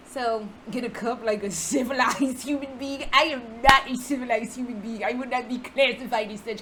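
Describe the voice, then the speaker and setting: A woman's voice: mid-range voice, moderate pace, noisy background. A young American woman vlogging casually from her apartment, swearing freely, laughing often and poking fun at herself. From United States. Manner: profane, self-deprecating, laughs often. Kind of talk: casual vlog monologue. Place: apartment indoors.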